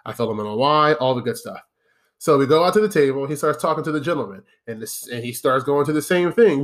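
A young man hosting, telling a profane story about his old job in a casual, animated monologue that turns into rants at the listener. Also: a little high, brisk. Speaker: podcast host.

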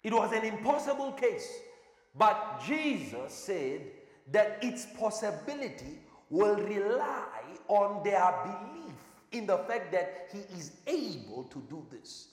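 A man's voice: sits high, very animated, slow. A man preaching a sermon, firing questions at the congregation and repeating phrases for emphasis. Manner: call-and-response questioning, emphatic repetition. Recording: echoey hall with long reverb.

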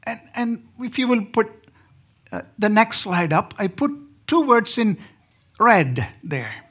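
A man's voice: high-pitched, big pitch swings, takes it slowly, fairly bright tone. Indian guy preaching at a church pulpit, cracks jokes, asks the crowd stuff. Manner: joking, asks the congregation questions. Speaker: guest preacher. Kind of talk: sermon.

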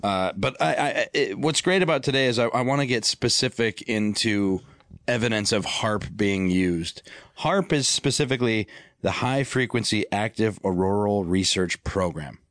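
Man, podcast host, lowish voice, halting explanation, dry sound. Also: fairly bright tone, no echo. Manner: hesitant, restarts often. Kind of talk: casual chat, explaining.

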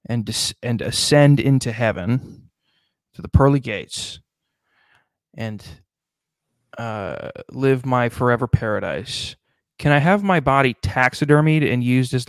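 A man's voice: mid-range voice, unhurried, no room sound, studio quality. A man in casual podcast chat, riffing in long, profane, rambling tangents. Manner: profane, rambling comic riffs.

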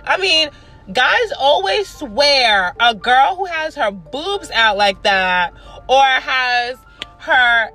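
A young woman at an ordinary pitch tells a casual story in a loose, profane, animated style, slipping into the voices of people she quotes. Soft music plays faintly behind her.

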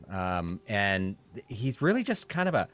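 Halting game master man. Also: lowish voice, very animated, a bit bright, soft background music. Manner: halting, many fillers and restarts. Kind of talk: running a tabletop game.

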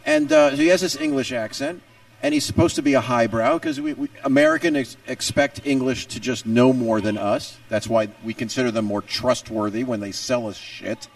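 Gravelly man with a lively pitch. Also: moderate pace, no room sound, far from the mic. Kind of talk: casual chat.

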